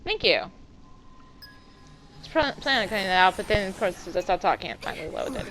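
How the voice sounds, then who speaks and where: A woman's voice: mid-range voice, sing-song, a little fast, fairly bright tone, slight background noise. A young woman giving casual, chatty let's-play commentary, self-deprecating and full of exclamations. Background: game music.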